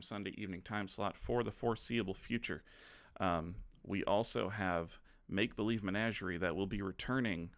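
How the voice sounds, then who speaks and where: Deep-voiced man hosting. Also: a bit bright, no room sound. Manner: chatty, loose, many ums. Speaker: game master and host. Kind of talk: casual show announcements.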